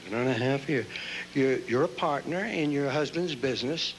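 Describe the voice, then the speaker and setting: A man hosting a pageant, interviewing contestants on stage with quick, joking banter. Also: medium pitch. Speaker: pageant host. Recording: noisy live stage recording.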